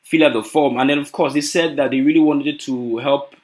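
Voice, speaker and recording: A man's voice: mid-range voice, steady tone, brisk. A man with a Nigerian accent gives a conference talk, with many fillers and restarts. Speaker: conference speaker.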